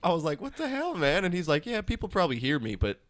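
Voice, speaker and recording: Young male co-host, animated storyteller, bright lively delivery, casual and profane. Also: a little high, quick pace, dry recording. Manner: animated storytelling, swears freely. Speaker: podcast co-host. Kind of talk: casual chat.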